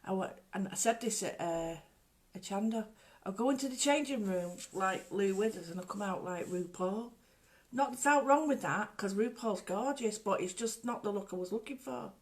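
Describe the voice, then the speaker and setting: A woman's voice: mid-range voice, moderate pace. A woman hosting a casual home livestream, rambling chattily and greeting viewers by name. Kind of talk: casual live chat.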